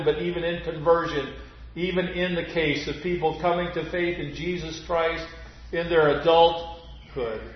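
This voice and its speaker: A man delivers a sermon at a very slow, measured pace, letting key phrases sink to a near-whisper. His voice sits a little high, and the recording is muffled and echoes heavily through a large room. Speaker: preacher.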